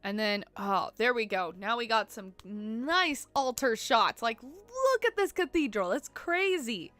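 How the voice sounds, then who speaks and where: A woman's voice: a little high, very animated, unhurried, a bit bright, no room sound. Giggly Canadian woman chatting on stream. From Ontario, Canada. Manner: chatty, lots of "like" and "um", giggly, apologetic. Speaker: livestreamer. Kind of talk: casual livestream chat with viewers. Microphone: desk mic she keeps bumping.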